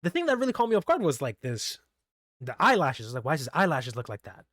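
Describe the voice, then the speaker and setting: On his manga review channel, a man casually recaps comic chapters, rambling with plenty of fillers and restarts. His fairly bright voice sits on the high side, swoops wildly in pitch and moves at a quick pace, captured in a dry, studio-quality recording.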